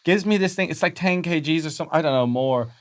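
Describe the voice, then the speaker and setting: A man's voice: a little high, quick pace. Self-mocking man in his thirties. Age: 30s. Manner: self-mocking storyteller, laughs often. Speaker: podcast co-host. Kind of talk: casual comedic chat.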